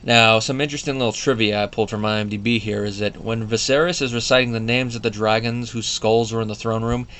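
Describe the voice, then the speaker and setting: A man's voice: fairly low pitch, fairly even intonation, fast, few pauses, fairly bright tone. A man in his thirties talking through a show episode in a casual solo review, chatty and digressive with fillers and quoted asides. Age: 30s.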